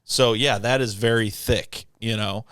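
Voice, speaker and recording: A man's voice: fairly low pitch, fairly even intonation, unhurried, fairly bright tone, clear, resonant tone, no room sound, clean studio sound. A man co-hosting a casual podcast chat, talking in a rambling way with frequent restarts. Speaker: podcast co-host.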